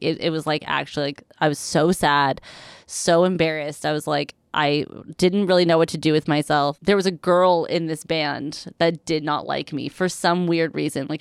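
A woman's voice: low-pitched, creaky, smooth, dry recording, clean studio sound. A woman in her thirties co-hosting a chat in a hotel room, telling a story in a rambling way with many fillers and laughs. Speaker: podcast co-host.

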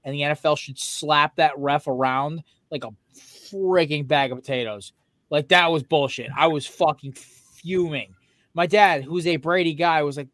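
A man's voice: on the high side, moderate pace, fairly bright tone, no echo. A young man co-hosting a podcast, ranting heatedly and profanely in casual sports chat. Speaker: podcast co-host.

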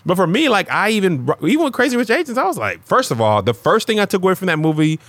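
Animated man with a lively, leaping voice. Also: fast talker, dry recording. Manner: animated, jumps high for emphasis. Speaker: podcast guest, comedian. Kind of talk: casual chat.

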